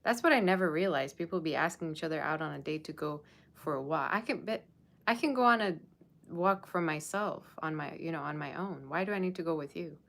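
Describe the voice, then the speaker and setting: Low-voiced sassy woman tarot reader. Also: fairly quick, vocal fry, fairly bright tone. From Persian Russian background. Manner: sassy, blunt, scolding viewers. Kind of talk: casual tarot reading monologue.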